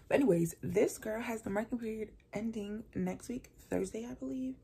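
A woman's voice: mid-range voice, moderate pace, creaky, dark tone, slightly rough. A teenage girl vlogging casually at home, chatty and self-mocking, often dropping to a whisper. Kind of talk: casual vlog chat.

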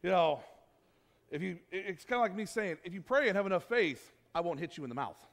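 A man pastor giving a sermon in a church, conversational and animated, acting out what people say. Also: high-pitched, brisk. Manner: conversational, animated preaching with acted-out quotes.

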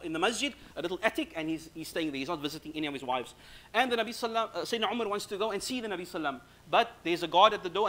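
A man giving a Ramadan lecture in a mosque, retelling stories and acting out the quoted speakers. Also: fairly high pitch. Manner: lively storyteller acting out quoted speech.

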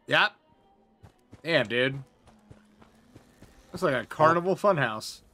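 A man hosting a casual game live-stream, excitable and quick to swear and laugh. His voice is bright and pitched a little high. It jumps around lively as he reacts. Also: soft background music. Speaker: streamer host.

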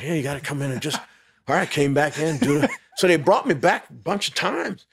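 A man telling a lively story as a podcast guest, laughing often and acting out what others said. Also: fairly high pitch, brisk, gravelly, husky. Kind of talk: storytelling interview.

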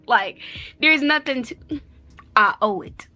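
A woman's voice: mid-range voice, normal speed, pushed and bright. A young woman in a casual vlog chat, rambling and informal, with frequent "like" fillers. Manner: rambling and chatty, heavy use of "like"; speaks with an informal, slangy dialect. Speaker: vlogger and mother.

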